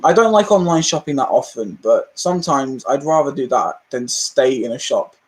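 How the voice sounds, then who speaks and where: A man's voice: mid-range voice, expressive, moderate pace. A man with a British accent hosting a live stream, ranting casually, laughing often and acting out the people in his stories. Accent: British English.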